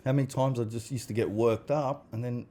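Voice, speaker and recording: A man's voice: medium pitch, steady tone, brisk, mellow. A man, a podcast guest talking casually and bluntly, swearing and acting out the conversations he recounts. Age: 40s. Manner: blunt, swears, acts out quoted exchanges. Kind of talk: casual chat.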